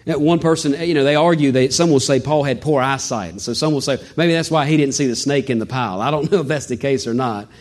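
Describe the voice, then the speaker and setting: A man preaching a sermon in a folksy, animated way with joking asides. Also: medium pitch, fast talker, few pauses. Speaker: pastor.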